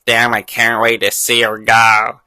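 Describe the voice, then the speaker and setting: A man putting on the voice of a young male racing driver, gushing slowly and adoringly over his car. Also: fairly low pitch, completely flat delivery, sharp tone, no room sound. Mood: swooning. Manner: slow, swooning, mock-adoring.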